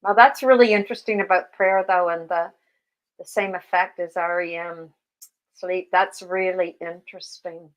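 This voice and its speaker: A woman's voice: fairly low pitch, fairly even intonation, moderate pace, poor audio. A woman co-hosting a casual chat, chiming in with short agreeing remarks and questions. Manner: brief, agreeable interjections.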